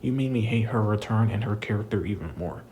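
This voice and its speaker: A young man with a fairly low, slightly mellow voice, talking a little fast, rants casually about wrestling as a commentator vlogger. He's exasperated, swears a lot, and keeps calling the listener "bro." There's slight background noise.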